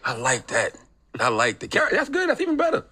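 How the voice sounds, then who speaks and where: A man's voice: a little high, huge pitch swings, fairly quick, sharp tone, slightly rough. A man interviewing a guest on a radio show, asking playful, teasing questions.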